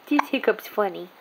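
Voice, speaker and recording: A woman's voice: mid-range voice, gravelly, background noise. A mother filming her baby at home on a handheld camera, cooing in sing-song baby talk and laughing often. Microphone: handheld home video camera.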